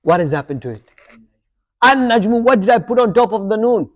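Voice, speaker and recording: A man with a high-sitting, very animated voice talks fast in a slightly mellow tone. He's teaching an Arabic grammar lesson to a live class, quizzing students, checking in with "okay?" and "yeah?", and correcting his own slips aloud.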